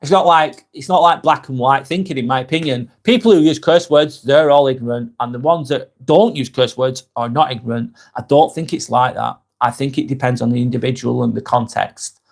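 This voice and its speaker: A man's voice: mid-range voice, a little fast, vocal fry, few pauses. Frank, swearing man chatting live. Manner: frank, swears casually, rambling and conversational. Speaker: live-stream host. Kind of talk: casual live-stream chat, answering viewer comments.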